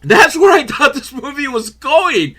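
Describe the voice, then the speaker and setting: A young man recapping a film for laughs in an animated, swearing manner, slipping into voices for the characters. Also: extremely high pitch, a little slow. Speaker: host reacting to a film.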